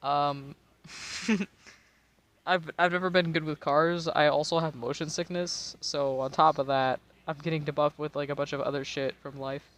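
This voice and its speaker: A man's voice: on the high side, steady tone, normal speed, a bit bright. An American man in his twenties, tipsy and rambling in casual, profane chat while streaming a game, laughing often. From United States. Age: 20s.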